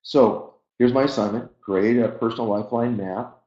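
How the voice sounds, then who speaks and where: A man giving a motivational webinar talk, speaking in an earnest, reflective way with hesitant pauses. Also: medium pitch, mellow. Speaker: webinar presenter. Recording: dull, lo-fi audio in an echoey room.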